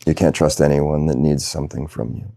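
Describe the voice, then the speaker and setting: Low, gravelly-voiced male spiritual teacher. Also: steady tone, dry recording, clean studio sound. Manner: slow, reflective, with soft laughs and pauses. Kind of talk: satsang talk. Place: video call session.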